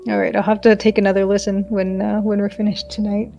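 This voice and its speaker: A woman's voice: medium pitch, level tone, quick pace, gravelly, mellow, highs cut off, soft background music. A woman, a game developer, hosting a casual live stream in a cheerful, chatty way.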